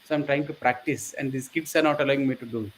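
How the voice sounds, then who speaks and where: A man's voice: mid-range voice, steady tone, fast talker, slight background noise, low-quality recording. A man telling a story in casual conversation, rambling and hesitant, with many fillers.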